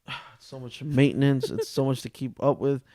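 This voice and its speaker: A man's voice: medium pitch, normal speed. Joking, swearing young man cohost. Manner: joking, swears freely, animated storyteller. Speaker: podcast co-host. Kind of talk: casual chat.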